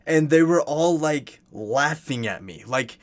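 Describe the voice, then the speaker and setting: A young man telling a story in a casual, rambling way, full of "like" and "you know", who gets loud and worked up when exasperated. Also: a little high, lively intonation, unhurried.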